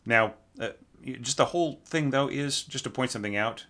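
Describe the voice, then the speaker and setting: A mid-range, fairly bright male voice moves a little fast as an orchestration teacher goes over a student's score. His informal critique is full of fillers and tag questions, and he hums and scats passages to convey phrasing.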